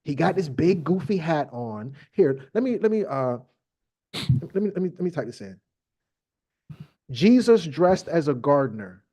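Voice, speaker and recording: Man, podcast host, high voice, wide swings in pitch, slangy irreverent scripture riff, halting fillers. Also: slightly rough. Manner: irreverent, slangy, animated storytelling. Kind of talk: comic Bible reading and riffing.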